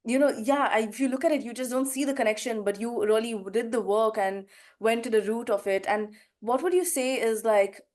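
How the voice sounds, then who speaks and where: A woman's voice: a little high, a little fast, darkish tone. A woman hosting a podcast interview, affirming and effusive as she asks questions. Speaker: podcast host.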